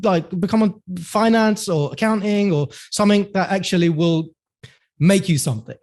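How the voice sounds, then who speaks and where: A man putting on his angry, swearing Cockney father, a blunt middle-aged man, in a higher voice than his own. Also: moderate pace, darkish tone. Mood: scornful.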